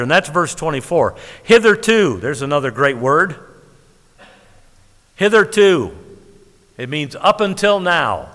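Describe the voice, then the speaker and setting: A man preaching a sermon, emphatic and lively, stretching key words and laughing at his own points. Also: on the high side. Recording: long hall reverb.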